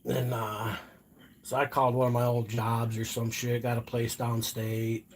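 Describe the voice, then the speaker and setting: A man's voice: mid-range voice, completely flat delivery, unhurried. A middle-aged man telling a story on a live stream in a loose, profane, rambling way, often asking "you know what I mean".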